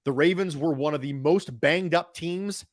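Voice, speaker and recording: A man on a casual sports podcast builds his case with stats, repeating key lines for weight. His voice sits a little high. The sound is dry and close, with no room around it. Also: normal speed, no room sound. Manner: emphatic, repeats points for stress. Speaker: podcast football analyst.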